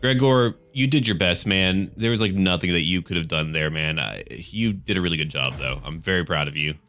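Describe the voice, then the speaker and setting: An American man giving relaxed, jokey commentary over a strategy game as he plays, chatty and swearing casually. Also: rumbling low, a little fast. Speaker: gaming let's-play host.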